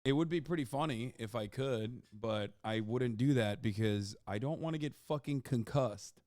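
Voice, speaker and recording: A man streaming a video reaction, joking loudly with profanity as he talks to his chat. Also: mid-range voice, moderate pace, no room sound. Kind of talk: casual livestream reaction talk.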